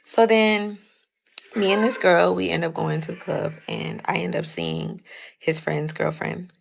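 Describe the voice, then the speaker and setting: Young woman doing a storytime, super fry-heavy, chatty, keeps saying "i was like". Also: low voice, big pitch swings, measured pace, a little hiss or hum. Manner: chatty retelling with many "I was like" quotes. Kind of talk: casual storytime.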